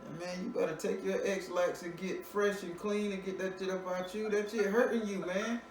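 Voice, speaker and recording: A man's voice: high voice, steady tone, moderate pace. A man giving a spiritual reading to a client in a casual, joking way, talking bluntly and profanely, laughing often and repeating words as he restarts. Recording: roomy, distant mic with ambient noise.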